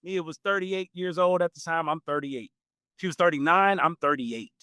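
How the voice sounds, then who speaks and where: A man in his forties hosting a podcast, telling a personal story in a casual, animated way and laughing often. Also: normal speed, no room sound. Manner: animated, acts out quoted voices with big pitch jumps. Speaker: podcast host.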